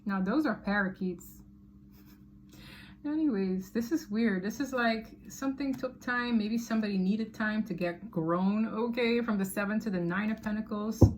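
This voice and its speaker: A woman giving a casual tarot reading to camera, chatty and animated, often laughing and exclaiming. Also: mid-range voice, moderate pace, slight background noise. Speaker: tarot reader.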